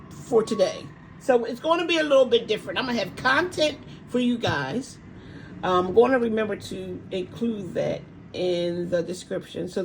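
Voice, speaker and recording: An older woman vlogging casually about budgeting at home, chatty and encouraging, laughing often. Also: medium pitch. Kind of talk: casual vlog talk. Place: home room by an open window. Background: faint street noise, passing truck.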